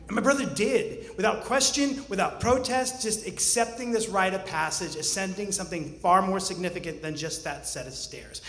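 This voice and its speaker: A man's voice: sits high, normal speed, few pauses, fairly bright tone. A man in his forties telling a personal story on stage, earnest with wry humor. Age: 40s. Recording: roomy hall reverb, faint ambience.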